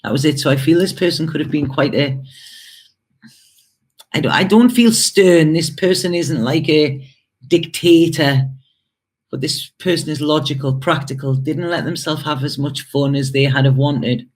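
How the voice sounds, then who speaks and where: A man's voice: fairly high pitch, normal speed. A man giving an intuitive tarot and spirit reading to camera. He talks hesitantly, repeating words and stopping for emotional asides. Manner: hesitant and repetitive, with many fillers and emotional asides. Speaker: tarot reader.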